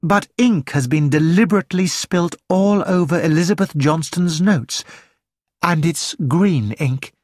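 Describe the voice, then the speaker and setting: A firm, serious middle-aged hostel matron speaks slowly and steadily, as an audiobook reader puts her on. The sound is close and dry, with no room around it. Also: medium pitch, a little mellow, no room sound, pitched above the performer's own voice, lightly acted. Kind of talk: audiobook character voice.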